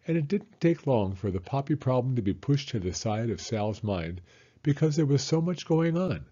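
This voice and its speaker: A man narrating a children's chapter book aloud, expressive and animated. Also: mid-range voice, moderate pace, husky, highs cut off. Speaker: storyteller reading to kids.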